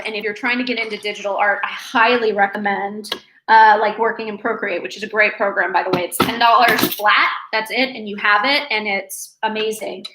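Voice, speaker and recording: A congested young woman rambles through a casual live stream from her apartment, full of fillers and self-corrections. Her voice is bright and slightly high. The room sounds echoey, with a faint hiss underneath. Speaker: artist live-streaming from home.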